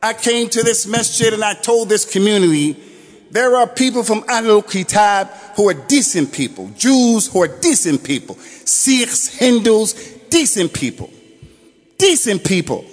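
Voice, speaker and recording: A man giving a Friday sermon as imam, telling a story with animated delivery, breaking into shouted exhortations and quick Quran recitation. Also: sits high, faint music behind. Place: mosque prayer hall. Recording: long hall reverb.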